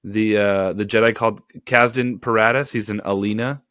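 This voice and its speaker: A man's voice: fairly low pitch, steady tone, moderate pace, fairly bright tone, no room sound. A man co-hosting a casual fan podcast, rambling and repeating himself as he searches for words. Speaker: podcast co-host.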